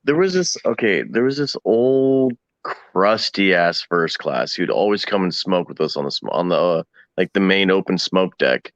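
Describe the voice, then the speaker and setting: A man's voice: sits low, expressive, normal speed, hardly any pauses, no echo. A man, a guest on a live stream, telling profane stories in a laid-back way. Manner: laid-back, profane storyteller who acts out voices in his stories. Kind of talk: casual chat. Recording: dull, dry sound.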